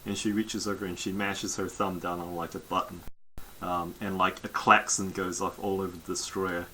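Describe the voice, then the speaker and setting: A man's voice: deep voice, little pitch movement, moderate pace, sharp tone, a little hiss or hum, low-quality recording. A man playing a tabletop game, casually and animatedly describing his character's actions. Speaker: player.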